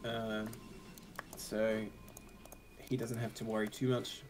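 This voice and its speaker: A man with an Australian accent casually commentating an esports match, joking and quick to react. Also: on the low side, little pitch movement, slight background noise, poor audio. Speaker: esports caster.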